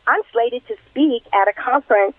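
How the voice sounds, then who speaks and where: A middle-aged woman, a retired crime scene investigator, tells her story earnestly and with animation during a radio interview. Her voice is on the high side at a moderate pace. The audio comes over a tinny phone line and is dry, with no echo.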